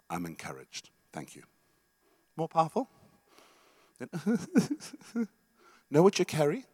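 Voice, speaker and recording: A middle-aged man, a pastor, preaching to a church meeting in an emphatic, conversational way, often repeating words and asking the room questions. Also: lowish voice. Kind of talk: sermon teaching.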